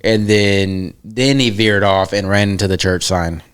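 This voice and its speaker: A man's voice: fairly low pitch, steady tone, measured pace, a bit bright, clear, resonant tone. A man co-hosting a podcast in casual chat, laid-back, laughing along and repeating his co-host's punchlines. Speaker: podcast co-host.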